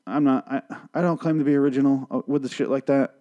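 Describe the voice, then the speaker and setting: A man's voice: medium pitch, big pitch swings, moderate pace, mellow, highs cut off. A man hosting a solo TV review show, recapping an episode in a rambling, profane, self-correcting way. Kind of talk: casual solo recap podcast.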